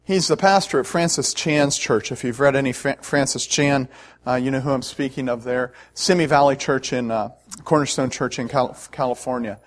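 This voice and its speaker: A man's voice: mid-range voice, moderate pace. A male pastor preaching a sermon in an earnest, emphatic way, with frequent "uh" fillers.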